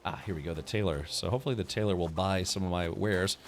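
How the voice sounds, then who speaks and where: A man's voice: sits low, quick pace, slight background noise. A man streaming a video game, casually thinking aloud and chatting with viewers in a rambling way. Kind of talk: casual gameplay commentary.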